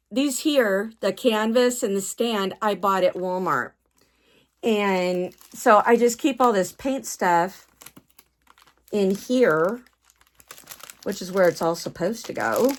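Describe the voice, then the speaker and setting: Slow-talking awed woman vlogger. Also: medium pitch. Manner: awed, repeats exclamations, many fillers. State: sweaty from working. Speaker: doll collector vlogger. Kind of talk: casual chat while sorting a collection.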